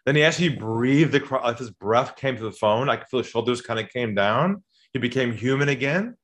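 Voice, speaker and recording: A man's voice: medium pitch, fairly quick. A man talking as a sales coach on a podcast, telling stories and acting out phone calls in changed voices. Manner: animated storyteller, acts out calls in changed voices. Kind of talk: podcast conversation.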